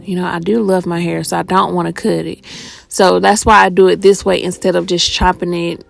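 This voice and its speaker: Gravelly-voiced chatty woman vlogger. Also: fairly low pitch, flat delivery, fairly quick, soft background music. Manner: chatty, addresses viewers as y'all. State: out of breath and tired. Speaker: hair tutorial vlogger. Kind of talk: casual tutorial voice-over.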